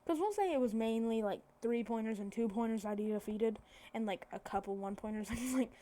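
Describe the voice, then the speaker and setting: Mellow rambling woman telling a fan story. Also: a little high, fast. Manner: rambling, self-correcting, many fillers. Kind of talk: casual fan-fiction storytelling.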